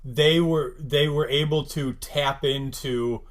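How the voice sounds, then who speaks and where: Male co-host, unhurried, halting, teasing, explains patiently. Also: mid-range voice, steady tone. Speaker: podcast co-host. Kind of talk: casual chat.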